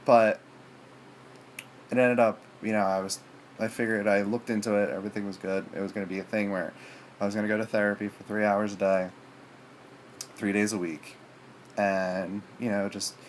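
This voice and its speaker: A man's voice: fairly low pitch, slight background noise. A man telling a personal story to his viewers in a rambling, hesitant way, full of fillers and restarts. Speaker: vlogger.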